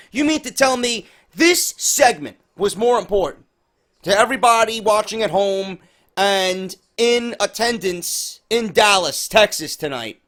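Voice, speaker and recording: A man's voice: high voice, expressive, measured pace, a bit bright. A man ranting through a profane, sarcastic review of a wrestling show, exasperated and mocking. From New York.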